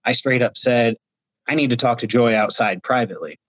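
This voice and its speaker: A man from Ohio tells his stories with lively hand-waving energy in a casual video-call interview. His voice is dry and close, with no room sound. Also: mid-range voice, brisk, dry recording. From Ohio, United States. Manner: animated storyteller, gestures with his hands. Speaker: reality show contestant guest.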